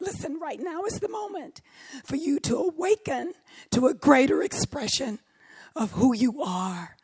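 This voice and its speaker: A middle-aged woman minister with a hoarse, worn voice, delivering a sermon and often dropping to a whisper for emphasis. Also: sits high, lively intonation, unhurried, a little mellow, no room sound. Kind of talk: sermon with opening prayer.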